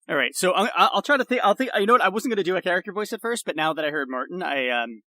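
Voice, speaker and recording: A man's voice: high voice, expressive, fast talker, sharp tone, no echo. A man guesting on a comedy podcast, chatting hesitantly before he reads his story. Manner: hesitant, lots of fillers. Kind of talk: casual podcast chat.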